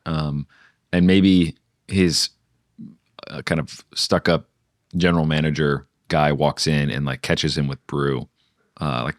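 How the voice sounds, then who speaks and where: Young male co-host, very deep voice, relaxed, dry close recording. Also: no room sound. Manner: laid-back, brief agreeing replies. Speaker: podcast co-host. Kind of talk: casual brainstorming chat.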